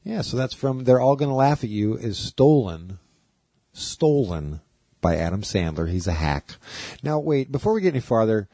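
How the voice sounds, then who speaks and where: Husky podcast guy rambling and swearing, voice swings up and down a lot, dry sound. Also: medium pitch, sing-song, moderate pace, mellow, dry recording. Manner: rambling, profane, laughs often. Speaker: podcast host. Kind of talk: casual stoner chat.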